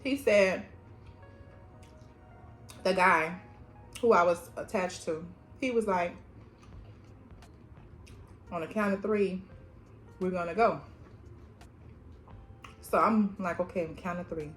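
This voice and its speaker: A young woman vlogger telling a story in casual slang while eating, animated and often laughing. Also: lowish voice, slow pace, pauses often, soft background music. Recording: echoey room.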